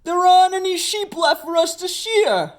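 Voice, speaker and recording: A woman voicing a big, gloomy male sheep shearer who talks in a loud, moaning way. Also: on the high side, very animated, slow, vocal fry, heavily acted.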